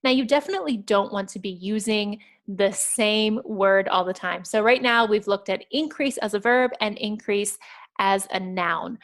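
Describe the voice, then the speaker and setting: A woman teaching English exam writing, explaining vocabulary clearly and patiently, step by step over slides. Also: medium pitch, moderate pace, fairly bright tone.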